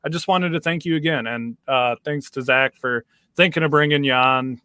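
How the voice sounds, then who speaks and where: A man hosting a podcast, halting and hesitant as he reads out listener questions in casual chat. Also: medium pitch, pushed and bright, clean tone, no echo. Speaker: podcast host.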